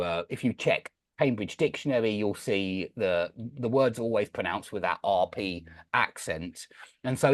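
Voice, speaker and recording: Chatty English teacher, very lively pitch. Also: male voice, no room sound. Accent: Southeast English with RP. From Southend, Essex, England. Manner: chatty, explaining with many restarts. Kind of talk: online group class talk. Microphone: video call.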